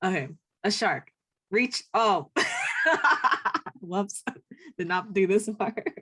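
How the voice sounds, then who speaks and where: A woman's voice: mid-range voice, sing-song, very slow, sharp tone, breathy edge. A woman presenting her team's story to an online class, giggling and a little sheepish. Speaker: workshop participant. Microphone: video call.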